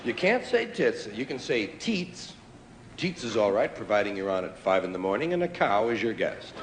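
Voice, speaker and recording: Stand-up comic man, lively swooping pitch. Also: noisy background. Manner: wry, drawn-out delivery with sudden loud jumps. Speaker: stand-up comedian. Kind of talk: stand-up routine. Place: comedy stage before a live audience. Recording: live club recording with crowd laughter. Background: audience laughter.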